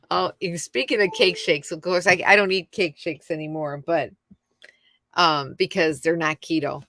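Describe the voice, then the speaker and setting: A lowish, steady, slightly bright voice at normal speed belongs to a middle-aged woman hosting a casual YouTube livestream from home. She rambles and talks with viewers by name, recorded in studio quality with no echo.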